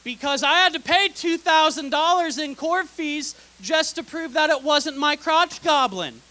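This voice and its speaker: Young female stand-up, very high and bright voice, sarcastic dry delivery, live theater stage mic. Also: animated, a little slow, poor audio. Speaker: stand-up comedian. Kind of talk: stand-up comedy set.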